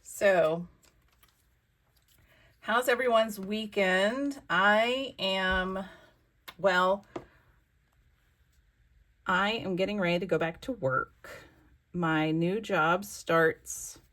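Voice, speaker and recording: Casual woman craft host, easygoing drawl, thinks out loud mid-project. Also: mid-range voice. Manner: chatty, exclamatory, talks to herself while working. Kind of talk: casual crafting vlog chat.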